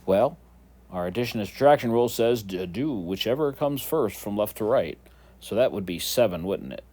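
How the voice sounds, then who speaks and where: Man, math teacher, whiteboard lesson, playful, jokey, animated pitch. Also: moderate pace. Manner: playful, jokey, talks to students as kids.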